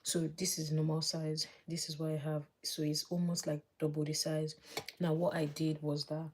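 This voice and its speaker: A woman vlogger chatting casually as she does her makeup live, thinking aloud and dropping to soft murmurs while she works. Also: deep voice, flat delivery, normal speed, a little hiss or hum. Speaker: beauty vlogger.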